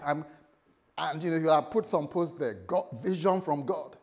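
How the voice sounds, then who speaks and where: A man preaching a lively sermon, acting out voices and laughing as he tells the story. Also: mid-range voice, moderate pace, vocal fry. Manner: animated storytelling, acts out voices, laughs often. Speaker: pastor.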